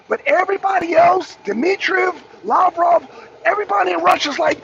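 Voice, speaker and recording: A man with a strikingly high, gravelly voice rants through casual live commentary, swearing freely and repeating himself. His pitch swings around a lot as he talks from his car. The audio is slightly dull and lo-fi, with faint traffic noise behind him. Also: normal speed. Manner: profane, animated and repetitive. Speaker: host of a live political talk show.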